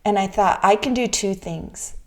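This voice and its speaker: A middle-aged woman from the Pacific Northwest, her voice medium in pitch and moderate in pace, vlogs casually about personal matters. She's candid and talkative, restarting often and asking "right?" along the way.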